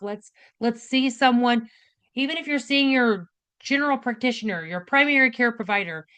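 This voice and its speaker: A woman's voice: on the high side, a bit bright. A woman nurse giving a casual spoken health lesson, direct and chatty, often checking in with "right?" and "okay?". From United States. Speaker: nurse educator hosting a health class.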